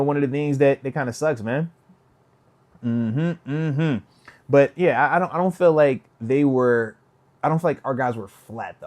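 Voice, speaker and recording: A man in his thirties hosts a live post-game show, reacting casually with lots of energy. He talks straight to his viewers and keeps his delivery loose. His voice sits in an ordinary middle pitch. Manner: animated, talks to chat, quotes players in put-on voices. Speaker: host, retired linebacker giving post-game reaction.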